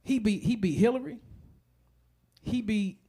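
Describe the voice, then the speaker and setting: High-voiced profane stand-up comedian man. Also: unhurried. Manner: profane, animated, acts out voices of others.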